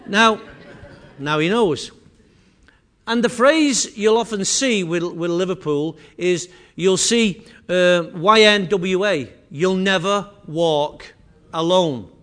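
A Mancunian man from Manchester, England, with a high, slightly bright voice gives a jokey, chatty presentation in a meeting room. He teases the small audience and speaks to them directly.

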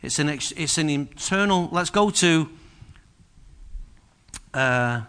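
A man preaching a sermon, acting out biblical speakers with sudden loud bursts. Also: a little high, slow, smooth. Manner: energetic preaching, voices biblical figures with sudden loud rises. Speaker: pastor.

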